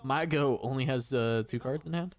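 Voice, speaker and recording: A man's voice: mid-range voice, normal speed. A man commentating live on a card game tournament, laid-back and thinking aloud.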